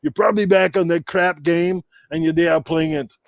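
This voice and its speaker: Here a man's voice runs a little high, with fairly even intonation, vocal fry and normal speed, as he impersonates a brash, muscle-bound Austrian bodybuilder for laughs in podcast chat. As the guest, he rambles, boasts and trash-talks in a joking mood. The sound is lo-fi with no room sound.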